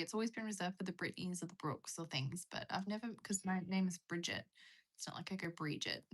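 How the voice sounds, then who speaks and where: A woman's voice: lowish voice, brisk. A young Australian woman hosting a casual livestream, chatting in a rambling, self-mocking way while she reads out viewer comments. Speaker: livestream host.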